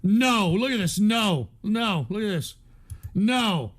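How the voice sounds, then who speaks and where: A man's voice: high-pitched, lively intonation, slow. A man hosting a livestream, ranting angrily and sighing as he reads out donation messages. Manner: exasperated, cursing, sighing. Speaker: livestream host reading donations. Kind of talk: angry livestream rant.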